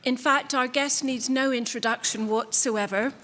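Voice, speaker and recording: A woman chairs a conference session, introducing a speaker formally and graciously, with a touch of humour. Her voice sits a little high. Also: steady tone, moderate pace, fairly bright tone, slight background noise. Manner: formal, gracious, lightly humorous.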